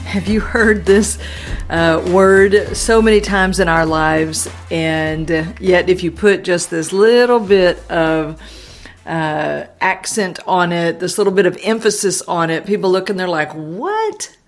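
A woman podcast host giving an earnest devotional teaching, stressing key phrases and slowing down for emphasis. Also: lowish voice, soft background music. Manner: earnest, emphatic preaching with slowed, drawn-out phrases.

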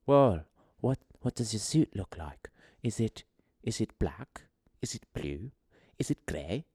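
A man's voice: lowish voice, very animated, measured pace, warm tone, husky, dry recording, studio quality, heavily acted. A man voicing a flamboyant male shoe salesman in a prissy, mock British tone. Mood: fussy whisper.

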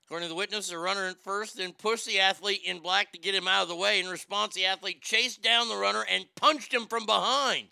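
High, gravelly, profane male host. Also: fairly even intonation, a little fast, few pauses, pushed and bright, no echo. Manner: profane and irreverent. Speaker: show host. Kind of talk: casual comedic commentary.

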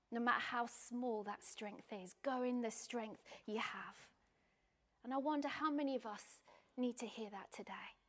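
A woman preaching a sermon in a rhythmic, repetitive cadence, dropping to hushed near-whispers and rising to loud emphasis. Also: high-pitched.

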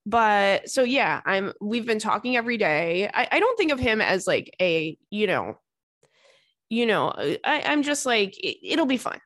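A woman's voice: a little slow, no room sound, clean studio sound. Chatty young woman podcast host. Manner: animated, acts out quotes with big jumps in pitch. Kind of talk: casual chatty storytelling and reading listener letters.

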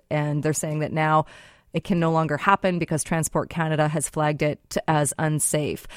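A woman hosting a radio talk show in a studio, with a measured announcer delivery. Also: deep voice, dry recording. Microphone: studio microphone.

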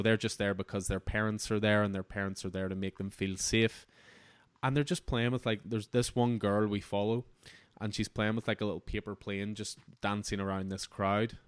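A man's voice: lowish voice, clear, resonant tone, no room sound. A man hosting a comic book podcast, talking through an issue in an enthusiastic, rambling way with frequent restarts. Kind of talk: casual review chat.

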